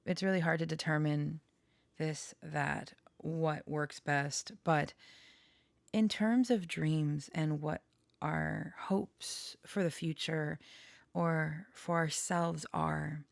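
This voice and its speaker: Woman vlogger, unhurried and halting, low pitch with vocal fry, tired from little sleep. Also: fairly even intonation, no echo. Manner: slow, halting, with many pauses and fillers. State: short on sleep. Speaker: tarot reader and storyteller. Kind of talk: personal reflective vlog talk.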